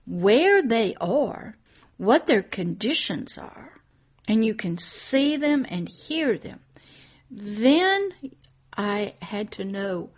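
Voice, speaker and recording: A woman pastor telling a personal testimony in a hushed, emotional way as part of a teaching. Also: on the high side.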